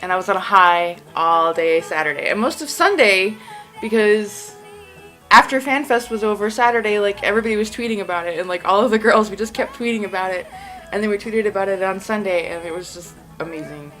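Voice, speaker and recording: A woman's voice: medium pitch, brisk, pushed and bright, faint music behind, low-quality recording. A woman hosting a casual solo podcast, sleepy and just out of bed, rambling with lots of "like" and frequent giggles. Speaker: podcast host.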